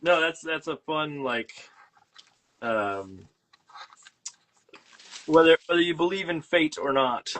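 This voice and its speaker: A man hosting a casual chat, pausing often and searching for his words. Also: on the high side, a bit bright, a little hiss or hum. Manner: hesitant, searches for words with many "uh" and "um". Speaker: podcast host.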